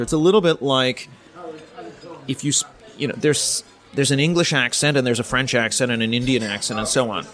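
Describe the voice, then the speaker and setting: With a mid-range, slightly bright voice, a middle-aged politics professor from Canada fields interview questions. He explains carefully and measuredly, restarting and filling pauses as he works through his thoughts.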